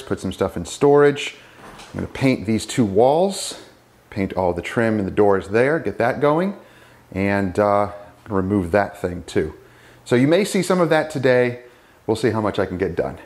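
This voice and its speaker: A man with a somewhat low voice talks through his day in a detailing shop. He explains things in a relaxed, unhurried vlog manner, with the odd "uh" and "you know". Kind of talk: casual vlog narration.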